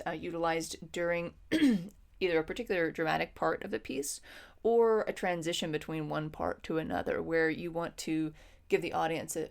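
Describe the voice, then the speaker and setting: A woman's voice: on the low side, vocal fry. A woman music teacher explaining patiently in an instructional lesson, with frequent ums.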